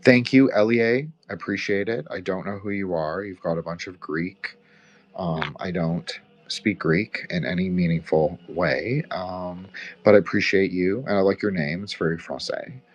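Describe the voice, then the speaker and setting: A man's voice: low voice, moderate pace, dull audio. A man with a slight Quebecois accent hosting a live audio chat, rambling and profane, with frequent fillers. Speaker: host. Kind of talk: casual closing remarks on a live audio chat.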